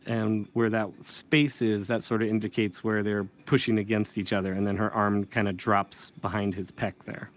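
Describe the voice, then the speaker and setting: Comic inker guy explaining as he works, lowish voice, kinda rambly. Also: little pitch movement, moderate pace, hardly any pauses. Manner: thinking aloud while working, self-correcting. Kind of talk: casual drawing tutorial.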